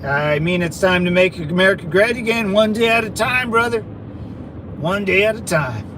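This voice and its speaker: A man's voice: high voice, expressive, moderate pace, noisy background. A middle-aged man hosting a casual livestream, chatting loosely and reading viewer comments. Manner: loose, rambling, slangy, calls viewers brother. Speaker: livestream host.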